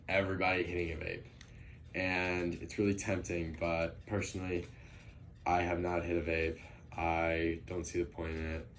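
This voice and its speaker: A man's voice: low voice, a little hiss or hum. A young man giving an earnest persuasive speech, with frequent ums and restarts. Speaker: student speaker.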